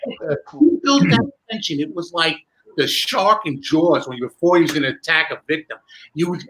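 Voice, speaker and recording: Bright, lively man telling stories. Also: on the high side, moderate pace, poor audio. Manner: lively, building suspense with self-interruptions. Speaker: magician recalling a fellow performer. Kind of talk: animated storytelling in conversation.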